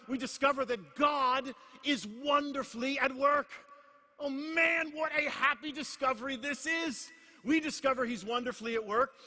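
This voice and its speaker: A middle-aged man preaching a sermon in a large conference hall, emphatic and repetitive, swinging from hushed lines to shouts. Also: high voice. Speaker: pastor. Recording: long hall reverb.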